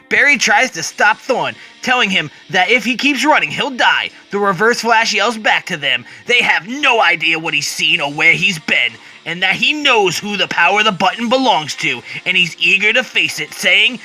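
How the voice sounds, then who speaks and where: A man's voice: high voice, bright, forceful tone. A man retelling a comic book story as a dramatic reading, quoting the characters along the way.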